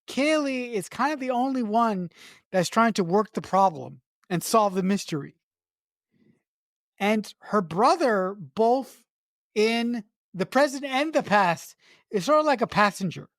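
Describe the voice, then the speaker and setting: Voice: mid-range voice, animated, measured pace, dry recording, clean studio sound. A podcast co-host giving earnest, candid opinions about a film in casual chat. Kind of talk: casual movie review chat.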